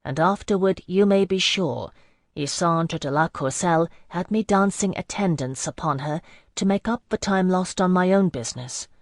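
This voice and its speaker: Low-voiced woman narrating a fantasy audiobook. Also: normal speed, no echo, studio quality. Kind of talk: scripted first-person fantasy narration.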